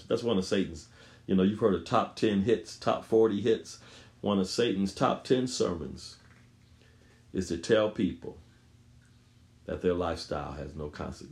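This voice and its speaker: Male pastor, sermon, very deep voice, gravelly, emphatic, repeats himself. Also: darkish tone. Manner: emphatic preaching, repeats phrases, punches key words.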